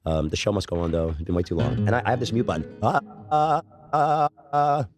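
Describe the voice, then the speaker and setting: Fast, brash male podcast host, sick and coughing, music under him. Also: sits low. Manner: brash, joking, profane. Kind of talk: casual podcast banter.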